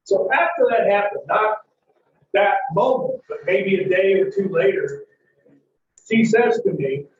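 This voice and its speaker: Male lecturer, high voice and unhurried, loud and emphatic with big vocal swings, recorded from across an echoey classroom. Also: expressive, slight background noise. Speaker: psychology lecturer. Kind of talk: classroom lecture with acted scenarios. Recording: echoey lecture hall, dull mic from far off.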